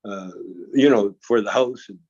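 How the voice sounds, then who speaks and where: Unhurried and lowish, with a darkish tone, a man's voice carries a long, casual anecdote from a guest. He laughs softly along the way, tripping over words and beginning sentences again, all captured in dull lo-fi audio.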